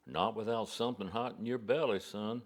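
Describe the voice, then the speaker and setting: A man's voice: on the low side, moderate pace, voice pushed up, lightly acted. A man voicing a kindly old male gas station owner with a put-on Southwestern drawl. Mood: hospitable.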